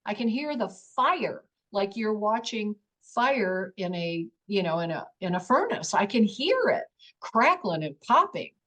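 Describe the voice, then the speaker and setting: A woman's voice: medium pitch, big pitch swings, a little slow, fairly bright tone. A middle-aged woman giving a personal testimony in an interview, telling her story with animation and acting out her own exclamations. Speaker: guest.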